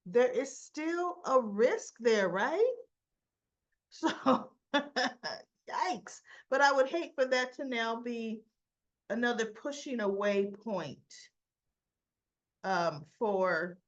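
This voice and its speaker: A woman's voice: on the high side, muffled recording. Chatty woman recapping soap scenes. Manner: chatty, retells scenes with quoted dialogue. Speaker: soap opera reviewer. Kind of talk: casual recap and commentary.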